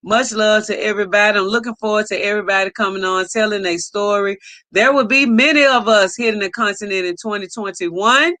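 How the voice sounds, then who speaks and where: Brief: woman host, bright, unhurried delivery, dry close mic, warm shout-outs to chat. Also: medium pitch, no room sound. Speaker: livestream host. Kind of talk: casual livestream greeting viewers.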